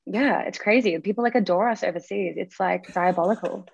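A woman's voice: medium pitch, a little fast, vocal fry, breathy edge, no echo, lo-fi sound. A woman in her twenties with an Australian accent, a radio host chatting as a guest at home, filling her talk with "like". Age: 20s. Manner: chatty, filler-heavy, lots of "like". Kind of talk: casual interview chat. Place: home in the evening.

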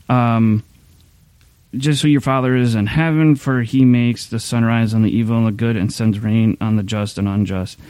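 A middle-aged man pastor talks through a sermon in a loose, candid way, circling back with fillers and restarts. His voice is mellow and smooth, and it sits close and dry on the mic. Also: medium pitch, no room sound. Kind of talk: casual sermon talk.

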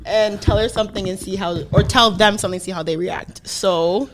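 A woman's voice: mid-range voice, normal speed. A woman on a podcast thinking aloud, fretting over who to call. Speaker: podcast host. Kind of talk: casual chat.

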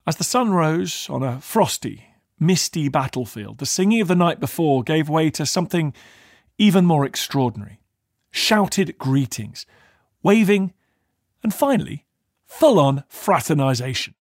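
A man, the podcast host, reading scripted narration in a crisp, expressive delivery. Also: a little high, measured pace, no room sound, clean studio sound.

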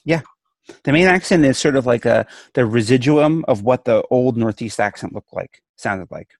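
A man with a gravelly, fry-laced voice talks through law cases in a loose, playful podcast chat. He restarts his sentences often. The recording is close and dry. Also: mid-range voice, animated, moderate pace, no echo. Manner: chatty, many restarts, playful. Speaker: law professor co-host. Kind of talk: casual discussion podcast.

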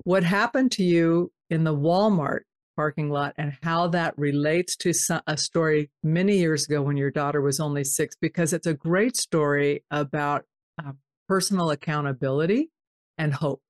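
A woman's voice: deep voice, normal speed. A woman hosting a podcast, prompting her guest with encouraging questions. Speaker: podcast host. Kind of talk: interview questions.

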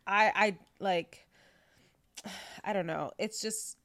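A woman's voice: mid-range voice, slow, fairly bright tone, no echo. A woman co-hosting a podcast in casual chat, rambling and hesitant, with many restarts. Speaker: podcast co-host.

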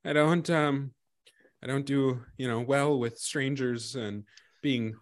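A man's voice: mid-range voice, slow pace, crowd noise. A man playing a shy, anxious young child who hesitates with many ums and trails off. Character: nervous awkward young child, shy with strangers.

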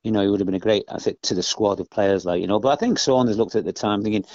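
Fast-talking older man, former footballer. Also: on the low side, darkish tone, no echo. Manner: rambling, repeats "you know what I mean". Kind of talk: casual interview chat. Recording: dull lo-fi dry podcast audio.

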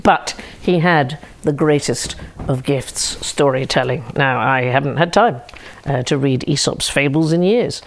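A woman reading a storybook fable aloud in a slow, deliberate, expressive way. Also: rumbling low.

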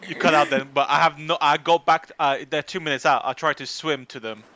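Bright-voiced man playing a tabletop game. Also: fairly high pitch, fairly even intonation, fairly quick, no echo. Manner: casual, swears, drops into his character's voice. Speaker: player. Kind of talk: tabletop role-play.

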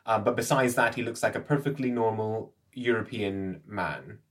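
A man's voice: lowish voice, normal speed. Male game master narrating a tabletop game, hesitant delivery. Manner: hesitant, with fillers and restarts.

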